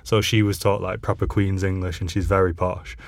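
A man's voice: deep voice, flat delivery, brisk, no echo. Chatty young man with a mild Salford accent. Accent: mild Salford, mostly unlearned. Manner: chatty storyteller, with many "like"s. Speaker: journalist, podcast co-host. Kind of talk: casual chat.

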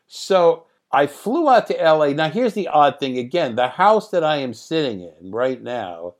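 A man in his sixties, a guest in an interview, telling anecdotes from home in a lively way, often laughing and swearing. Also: medium pitch. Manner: animated, laughing, profane.

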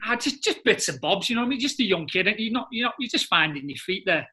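A middle-aged man, a former footballer telling lively anecdotes in a casual interview and often laughing. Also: sits high, fast. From England.

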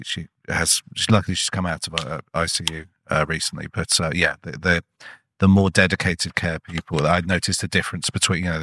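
A man's voice: sits low, pushed and bright, no echo. A man from England hosting a podcast, speaking hesitantly with many stumbling restarts. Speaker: podcast host. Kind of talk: casual conversation.

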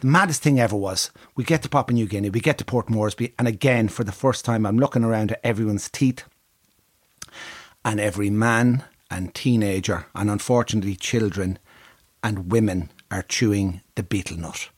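An Irish man hosting a podcast, telling an animated travel story with frequent laughter and swearing. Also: fairly low pitch, a little fast, slightly rough. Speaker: podcast co-host.

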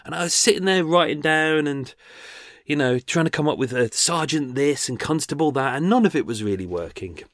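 Rambling podcast host, dry sound. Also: male voice, fairly high pitch, animated, brisk, dry recording. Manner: rambling and chatty, restarts and self-corrections. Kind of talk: casual podcast monologue.

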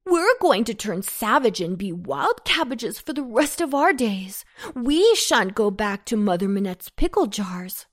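A woman's voice: on the high side, sing-song, slow pace, few pauses, no room sound, clean studio sound, voice pushed up, full character voice. Woman doing defiant cabbage chorus, rowdy, storybook read-aloud. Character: a chorus of rebellious talking cabbages.

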